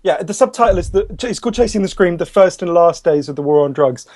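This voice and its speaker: A man talks at a rapid clip as a podcast guest, spinning stories with chatty energy and self-deprecating asides. His voice sits a little higher than most men's. He sounds engaged and quick on his feet. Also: animated, a little mellow. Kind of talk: conversational interview storytelling.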